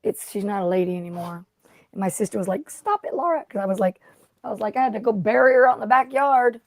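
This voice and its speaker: A woman's voice: mid-range voice, steady tone, fast talker, creaky, darkish tone, dry recording, clean studio sound. A middle-aged woman hosting a casual craft livestream, rambling and chatty as she greets viewers by name. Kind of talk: casual live-stream chat.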